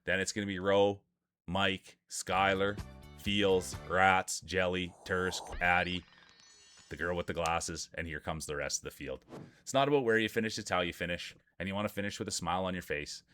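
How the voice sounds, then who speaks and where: Deep-voiced man calling marble races. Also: a little fast, bright, forceful tone, soft background music. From Canada. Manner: hyped announcer patter, chatting with viewers. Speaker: streamer doing marble race commentary. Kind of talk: playful sports-style race commentary.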